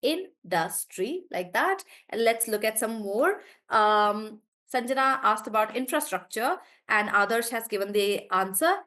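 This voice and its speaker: A woman's voice: a little high, animated, bright, forceful tone. A woman teaching pronunciation in a live online class over a video call, praising students and stretching words out syllable by syllable. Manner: encouraging, draws out syllables slowly when modeling words.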